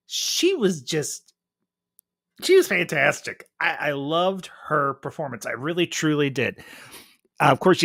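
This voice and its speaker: A YouTube reviewer with a highish, slightly bright voice hosts a casual review stream, chatting enthusiastically and often restarting phrases. The sound is dry and clean, studio quality.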